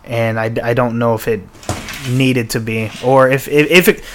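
A man talking loosely on a podcast, in a mid-pitched, everyday voice. He rambles and swears casually, backing up to restart sentences and filling gaps with "like" and "uh". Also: steady tone, moderate pace, slight background noise. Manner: rambling, profane, with frequent restarts and fillers. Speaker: podcast host.

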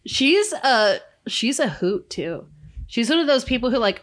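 A woman's voice: high voice, big pitch swings, unhurried. A young woman chatting casually with family, playful and laughing often. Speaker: daughter, expecting a baby.

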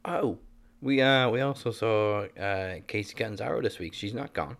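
A man's voice: on the low side, moderate pace, vocal fry. A man co-hosting a casual wrestling podcast, joking and teasing. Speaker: podcast co-host.

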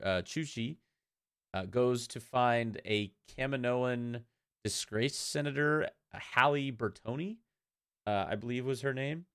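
A man co-hosting a casual fan podcast, talking in a rambling, animated way and laughing often. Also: medium pitch, clear, resonant tone. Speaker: podcast co-host.

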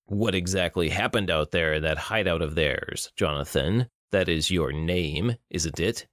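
A male audiobook narrator voicing a menacing, cruel male villain who taunts slowly. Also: low voice, a bit bright, no room sound, clean studio sound, voice pushed down. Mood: taunting.

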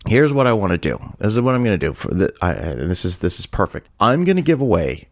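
A middle-aged man from Halifax hosts his own podcast, speaking fast in a lowish voice. He tells a story casually and animatedly, briefly acting out the voices of the people in it.

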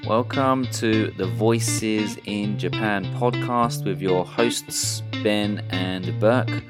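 A man co-hosting a podcast, reading the sponsor spot and intro in a relaxed, casual way. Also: fairly low pitch, slow pace, loud music behind the voice. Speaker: podcast co-host.

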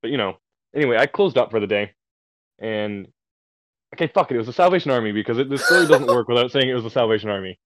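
A man's voice: mid-range voice, expressive, fast talker, a bit bright, no echo. A man casually telling a long story on a podcast, swearing and amused at himself, heard over a remote call. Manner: laid-back, swearing, self-amused storyteller.

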